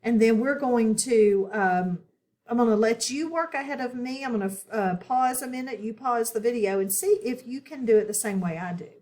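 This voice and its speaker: A woman's voice: fairly high pitch, moderate pace, a little mellow, reverberant. A woman teaching a phonics lesson step by step, checking in often with "okay?" as she walks through a worksheet. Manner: patient, step-by-step instruction with frequent "okay?" check-ins.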